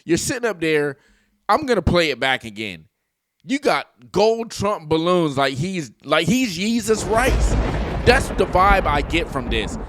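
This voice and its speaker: A man giving casual vlog commentary, animated and laughing often as he reacts to a clip. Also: a little high, unhurried, no echo. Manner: animated, laughs often, talks back at clips.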